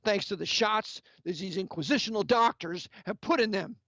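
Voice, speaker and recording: A man's voice: high-pitched, normal speed, a bit bright, no echo. A man delivering an impassioned sermon-style lecture, angry and emphatic, firing rhetorical questions at the listener. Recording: dull, lo-fi, dry sound.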